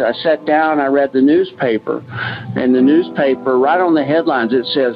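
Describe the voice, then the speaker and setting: A man's voice: medium pitch, normal speed. A man guest on a podcast telling a personal story in a plain-spoken way. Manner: plain-spoken, acts out quoted doctors. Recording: dull lo-fi sound with faint music.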